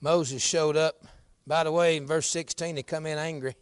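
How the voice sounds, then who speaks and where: A man preaching a fiery, folksy sermon, dropping to low murmurs and climbing to shouts. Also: steady tone, moderate pace, heavy background noise.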